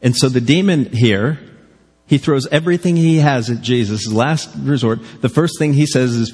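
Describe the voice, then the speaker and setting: A man preaching a sermon with a slightly husky, breathy tone. He talks earnestly and conversationally, pressing his listeners with questions. His voice carries a long reverb from a large church hall. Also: medium pitch, lively intonation, normal speed, a little mellow. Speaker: pastor. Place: church sanctuary.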